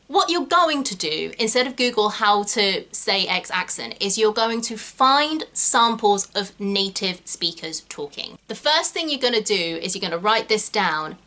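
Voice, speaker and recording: A young woman giving acting advice in a chatty, animated way, darting off on quick tangents. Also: on the high side. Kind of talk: casual talk to camera.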